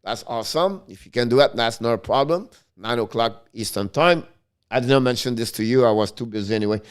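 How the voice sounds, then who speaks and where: Man, middle-aged, excitable stream host, casual chat, resonant voice, keeps restarting sentences. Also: mid-range voice, fairly quick, clear, resonant tone. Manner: excitable, restarts and self-corrections. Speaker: hockey live-stream host. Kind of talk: casual live-stream talk.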